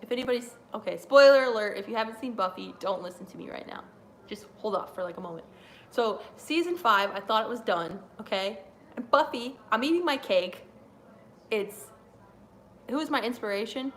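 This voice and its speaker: A somewhat high-voiced woman rambles excitably on a live watch-along stream, chatting to her viewers. Her talk is loose and full of fillers, and a faint hum sits under her voice. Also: normal speed. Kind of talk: live reaction chat.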